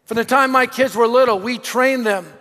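A middle-aged male pastor preaching a sermon, telling stories with lively swings between shouted lines and hushed asides. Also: very high-pitched, normal speed. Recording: long hall reverb.

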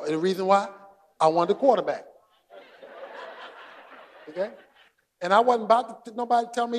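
Male pastor, sermon, very high voice, lively swooping delivery, shouts for emphasis, jokey asides. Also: normal speed, pauses often, slight background noise. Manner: animated, shouting for emphasis, joking asides to the congregation.

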